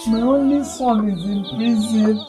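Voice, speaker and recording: A woman playing a weary, grieving mother lamenting slowly in a film drama. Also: on the high side, over music, lightly acted, poor audio. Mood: despairing. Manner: despairing, lamenting, slow. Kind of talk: Nollywood film acting.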